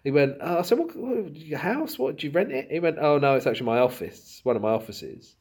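A man from Southend chats in a podcast about gigs, his voice riding up and down as he acts out both sides of conversations. He sits a touch above the usual pitch for a man and keeps the storytelling lively. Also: fairly quick, breathy edge. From Southend, England. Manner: animated storytelling, acts out dialogue. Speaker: comedian and podcast host. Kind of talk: casual chat.

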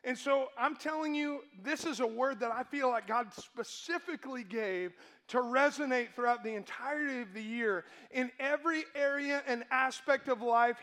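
High-voiced man preaching a sermon. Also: fairly bright tone. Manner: emphatic, asks the congregation questions. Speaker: pastor.

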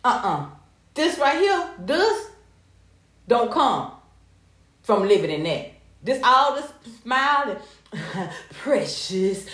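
An American woman giving casual, sassy gossip commentary, animated and profane. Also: mid-range voice. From United States. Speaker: commentary vlogger. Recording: echoey room.

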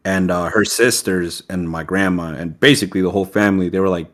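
Man, low voice, casual podcast chat, slangy, profane. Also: a little fast, few pauses, fairly bright tone. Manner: loose, profane storytelling with slang.

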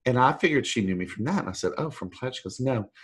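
A middle-aged man, a voice actor guest telling a long story in a rambling, animated way and acting out the people he quotes. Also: mid-range voice, fast talker, slightly rough. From Texas. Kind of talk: storytelling anecdote.

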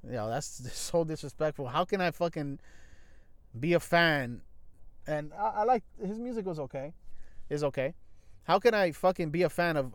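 A young man with a slightly high voice talks on a casual sports talk show, with no echo in the sound. He's blunt and profane, rambling along with frequent restarts, fillers, slang, and loose grammar.

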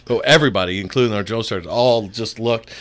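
A man telling a casual story, animated and often breaking into laughter. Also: fairly low pitch, fast.

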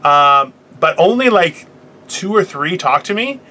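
Man, high bright voice, crude self-deprecating storyteller, casual banter. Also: expressive, a little slow. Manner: acts out quoted voices. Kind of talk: casual comedic chat.

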